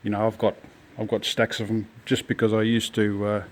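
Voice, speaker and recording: A home DIYer talks casually through a repair job, rambling with plenty of ums and restarts. His fairly low voice is delivered completely flat and a little fast.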